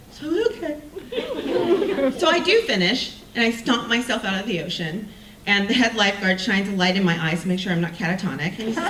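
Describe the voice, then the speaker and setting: A woman tells a personal story with a lively, swooping voice, mocking herself and playing the people she quotes. She sounds roomy and a little far from the mic, with faint ambience behind her. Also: medium pitch, a little fast, background noise. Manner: animated, self-mocking, acts out quoted voices.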